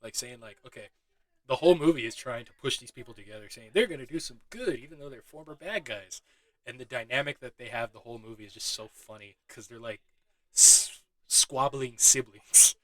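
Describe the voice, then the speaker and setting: A man recaps a movie in a loose, excitable way, swearing freely and breaking into laughs. His voice is bright and forceful. The sound is dry, with no room echo. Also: medium pitch, brisk. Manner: excitable, swears often, laughs while talking. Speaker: movie reviewer. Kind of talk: casual spoiler recap.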